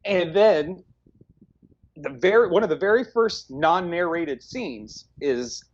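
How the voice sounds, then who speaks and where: A man's voice: a little high, expressive, slow, muffled recording. A man with a Midwestern accent, co-hosting a casual movie review chat with wry, profane jokes. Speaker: podcast co-host.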